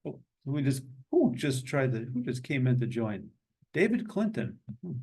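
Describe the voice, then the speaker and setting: Man, meeting host, video call, relaxed, joking, rambling, casual chat. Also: mid-range voice, moderate pace.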